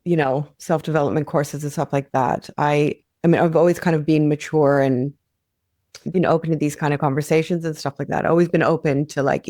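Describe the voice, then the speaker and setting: A woman's voice: low-pitched, warm tone, no echo, studio quality. A young adult woman sharing her experience as a podcast guest, earnest and candid, with frequent fillers and restarts.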